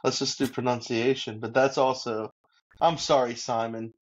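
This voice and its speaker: Halting male podcast co-host, dull sound. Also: mid-range voice, little pitch movement, husky. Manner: halting, filler-heavy, friendly. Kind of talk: casual podcast chat.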